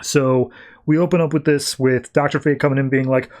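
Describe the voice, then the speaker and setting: A man's voice: medium pitch, steady tone, a little fast, darkish tone. A man hosting a podcast, casually recapping a comic book issue in a loose, conversational way. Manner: loose conversational retelling, acting out quotes in a raised voice. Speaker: podcast host.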